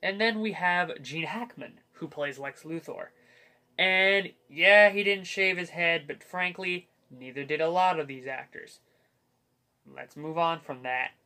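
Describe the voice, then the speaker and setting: A man's voice: fairly high pitch, a little slow, pushed and bright. A young man hosting a casual comic book movie review, joking and rambling with self-deprecating asides. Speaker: host.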